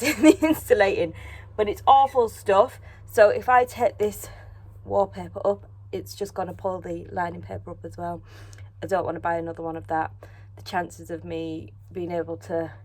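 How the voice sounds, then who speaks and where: A woman's voice: lowish voice, a little mellow. A British woman chatting casually in a home vlog, rambling and self-deprecating, with lots of fillers. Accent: British English. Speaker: vlogger. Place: at home indoors.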